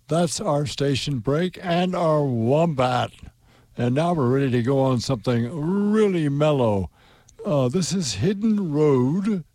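A man's voice: mid-range voice, darkish tone, dry recording. A man hosting a radio show, narrating a children's classic and chatting loosely between pieces with many fillers. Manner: unhurried, folksy, with fillers. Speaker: radio host and reader. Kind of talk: storybook narration and radio chat.

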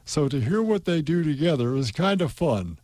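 A man's voice: a little high, big pitch swings, a little mellow, no room sound. A man hosting a radio show, narrating a children's classic and chatting loosely between pieces with many fillers. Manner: unhurried, folksy, with fillers. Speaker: radio host and reader. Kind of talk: storybook narration and radio chat.

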